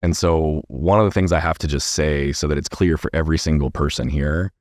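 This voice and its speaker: A middle-aged man with a low voice tells a personal story as a podcast guest, earnest and animated, tagging his points with "right?". The sound is dry and close. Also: brisk, hardly any pauses, no echo.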